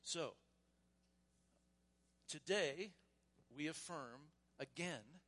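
A man serving as pastor, leading a church membership service in a loose, casual way and then reading vows and creed in a measured voice. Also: a little high. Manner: casual and warm, with frequent restarts; reads liturgy aloud in a measured voice. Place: church sanctuary.

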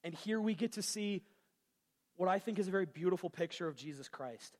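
Guy preaching kinda casual, higher voice, big churchy reverb. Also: brisk, darkish tone. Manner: casual, conversational preaching with slang. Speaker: pastor. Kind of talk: sermon.

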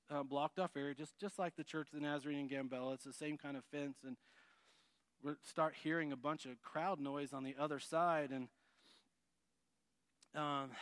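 A man telling a personal testimony story, acting out quoted lines and dropping low for asides. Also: clear, resonant tone, dry recording. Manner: lively narration, acts out quotes, drops to a low murmur for asides.

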